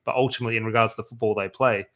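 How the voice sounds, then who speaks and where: Co-host guy on a footy podcast, pretty monotone, rambles through his takes. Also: fairly low pitch, very fast. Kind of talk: casual football fan podcast chat.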